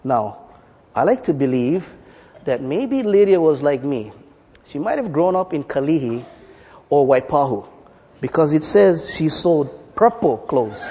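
A man's voice: fairly high pitch, measured pace, in a large hall. A man preaching a sermon, telling stories in a playful way. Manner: storytelling, playful, lively. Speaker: pastor. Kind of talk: sermon with jokes.

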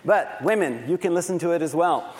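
A man's voice: on the high side, animated, brisk, a little mellow, in a large hall. A middle-aged man preaching a sermon, telling family stories with a laughing, self-deprecating manner. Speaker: pastor.

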